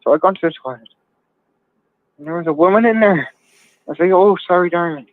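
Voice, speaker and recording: A man's voice: a little high, animated, fast talker, no room sound. A man hosting a casual call-in livestream, joking and telling rambling bawdy stories. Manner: jokey, tells rambling bawdy anecdotes with laughs. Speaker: livestream host. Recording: tinny phone-like sound.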